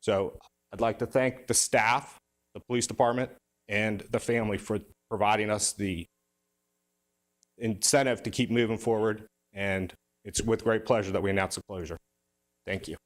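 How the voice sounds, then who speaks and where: A police chief giving a formal, measured statement at a press conference, with a few restarts. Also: male voice, fairly low pitch, fairly even intonation.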